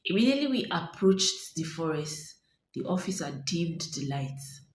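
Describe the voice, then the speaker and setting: Nigerian woman, young, low voice, dramatic storytelling w whispers, echoey room bit of hiss. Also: sing-song, normal speed. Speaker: vlogger. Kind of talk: storytelling to camera. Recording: echoey room, faint ambient noise.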